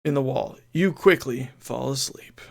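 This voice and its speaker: A man's voice: mid-range voice, unhurried, vocal fry. A man streaming a retro game, chatting casually and playfully, reading game text aloud with mock drama.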